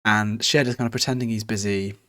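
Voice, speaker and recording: A man's voice: lowish voice, fairly even intonation, a little fast, sharp tone. Chatty man recapping a book. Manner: chatty, self-deprecating, swears freely. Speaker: podcast host recapping a novel. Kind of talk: casual chapter recap with quoted lines.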